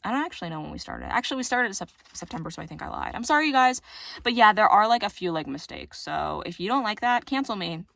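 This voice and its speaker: A woman's voice: mid-range voice, lively intonation, brisk, creaky, a bit bright. A teenage girl chatting casually to her viewers about books, rambling and self-deprecating, full of fillers, with a voice that cracks. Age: teens. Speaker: book vlogger. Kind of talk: casual chat to camera.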